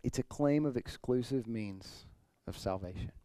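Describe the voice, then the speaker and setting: A man's voice: mid-range voice, normal speed, dark tone, no room sound. A man pastor preaching an expository sermon, earnest, building to emphatic points. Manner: earnest preaching, rising emphasis, occasional throat clearing.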